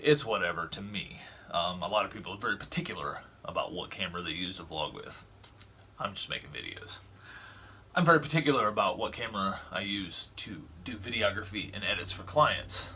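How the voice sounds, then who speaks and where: Bright-voiced rambling male vlogger. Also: on the low side, big pitch swings, a little fast, husky. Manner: rambling, stumbling over repeated words; chatty, talking straight to viewers. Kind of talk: casual vlog chat.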